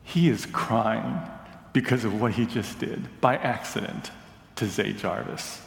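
A man preaching a sermon, retelling a story in an earnest, measured way. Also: on the low side, gravelly, reverberant, big-room sound. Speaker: pastor.

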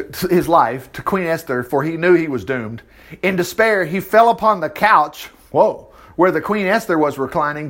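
Male pastor, lively storyteller, high and very expressive delivery. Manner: animated storytelling with asides and laughter. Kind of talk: sermon, reading and retelling scripture.

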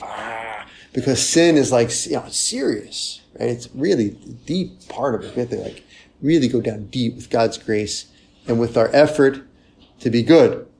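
A man preaching in a loose, conversational way, with a gravelly edge to his voice that sits at a middling pitch. He keeps checking in with his listeners and drops into a hushed tone when he acts out a penitent's words. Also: a little hiss or hum. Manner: lively and conversational, often tagging "right?". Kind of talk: sermon.

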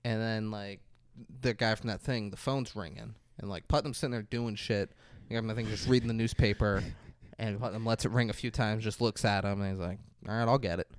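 Casual male podcast co-host, animated storyteller, swears freely, dry close mic. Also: fairly low pitch, a little fast, smooth, no echo. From Florida. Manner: animated, profane storyteller acting out scenes. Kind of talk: casual movie recap chat.

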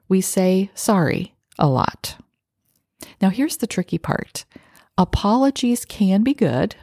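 With clean studio sound and no echo, a middle-aged podcast host speaks alone in a fairly low, dark-toned voice. Earnest and self-reflective, she discusses her own habits and performs little quoted phrases.

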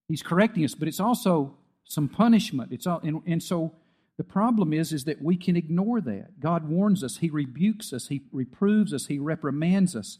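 A man's voice: on the high side, expressive, normal speed, warm tone. Emphatic middle-aged male pastor preaching. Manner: storytelling with acted quotes, emphatic rising peaks. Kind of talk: sermon.

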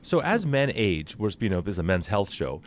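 A man hosting a men's health talk show, asking questions in a halting, chatty way. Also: lowish voice, very animated, a little hiss or hum. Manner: halting, many fillers and restarts while asking. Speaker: show host. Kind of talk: casual interview talk.

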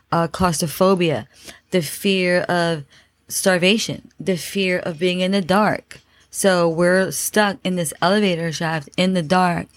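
A woman's voice: fairly low pitch, no echo. A woman host telling a dramatic personal story, repeating phrases and using many fillers. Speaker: podcast host.

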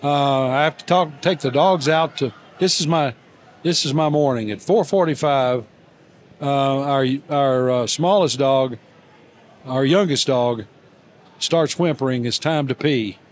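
An older man, a guest in an interview, telling warm everyday stories in a halting, gently humorous way, with many fillers and restarts. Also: medium pitch. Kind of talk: reflective storytelling interview.

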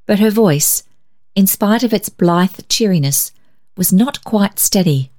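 A woman narrating a classic short story in a calm, measured storytelling manner. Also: medium pitch.

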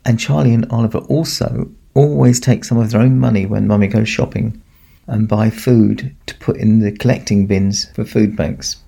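A man's voice: on the low side, steady tone, normal speed, gravelly, slightly rough. A man, speaking as Santa and chuckling as he tells a children's story. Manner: chuckling, warm storybook telling to kids.

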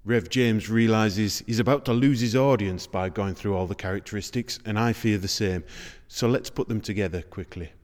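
A man hosting a podcast in measured, explanatory scripted narration. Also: lowish voice, darkish tone. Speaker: podcast host. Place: large circular museum room. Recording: reverberant space.

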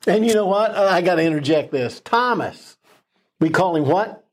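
A man co-hosts a casual Bible discussion podcast, speaking earnestly and with emphasis, full of ums and restarts. His voice is high with lively intonation at a moderate pace.

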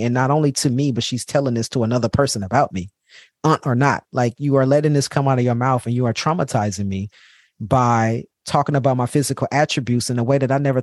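Podcast host, man, mid-pitched voice, heartfelt storytelling, dry close mic. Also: no echo. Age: adult parent. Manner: candid and heartfelt, repeats words for emphasis. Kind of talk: personal storytelling monologue.

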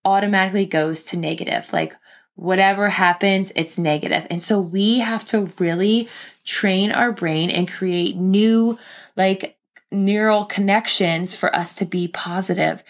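A woman's voice: medium pitch, steady tone, measured pace. A young woman, pregnant, talking casually and earnestly as a podcast host, with lots of filler words. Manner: chatty, earnest, many fillers. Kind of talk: casual personal talk.

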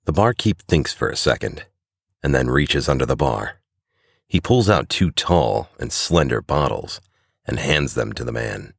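A man giving scripted story narration in an even, deliberate way. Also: a bass voice, gravelly, slightly rough, dry recording, studio quality.

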